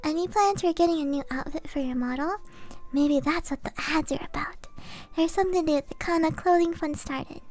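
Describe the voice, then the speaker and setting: Very high-voiced giggly woman streamer. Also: fairly quick, a little mellow. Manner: giggly, reads viewer messages aloud. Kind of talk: soft-spoken live stream chat.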